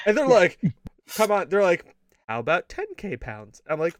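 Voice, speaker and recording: A man's voice: sits high, no echo. A man co-hosting a casual gaming show, telling rambling stories full of swearing and laughter. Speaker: podcast co-host.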